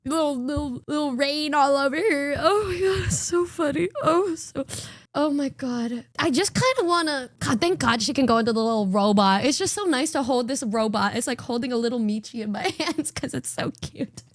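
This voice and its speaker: A woman's voice: sits high, moderate pace. A woman streamer chatting casually while reacting to clips, teasing, giggly and swearing freely. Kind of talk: casual chat.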